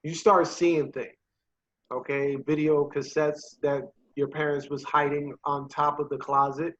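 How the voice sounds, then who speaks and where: A man with a fairly high voice chats casually as a podcast co-host. He sounds easygoing and joking, and he uses loose fillers and slang. The recording sounds a little muffled. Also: flat delivery, a little slow, fairly bright tone. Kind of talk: casual chat.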